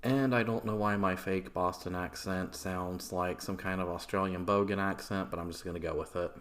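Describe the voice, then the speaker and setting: एक आदमी पॉडकास्ट होस्ट के रूप में अनौपचारिक अंदाज़ में इतिहास की कहानी सुना रहा है, बीच-बीच में गालियों और "like" जैसे भराव शब्दों के साथ।. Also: male voice, sits low, little pitch movement, moderate pace, a bit bright. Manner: casual, swearing, filler-heavy. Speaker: podcast host. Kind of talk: casual history storytelling.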